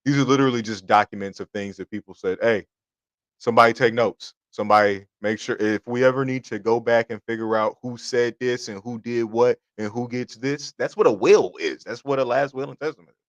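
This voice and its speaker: A man's voice: medium pitch, brisk, no room sound. A man co-hosting a casual talk show, thoughtful and explaining his points. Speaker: co-host. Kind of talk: casual chat.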